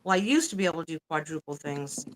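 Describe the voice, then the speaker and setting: Woman chatting while she crafts on her stream, kinda low voice, drops a swear here and there. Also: lively intonation, quick pace, slight background noise, low-quality recording. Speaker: livestream host. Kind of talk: casual chat while crafting.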